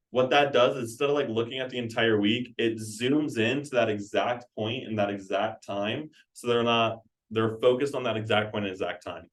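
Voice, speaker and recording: Young male sales trainer, casual and energetic, repeats his points, mic at a distance. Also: medium pitch, moderate pace. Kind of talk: team meeting training talk. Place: meeting room.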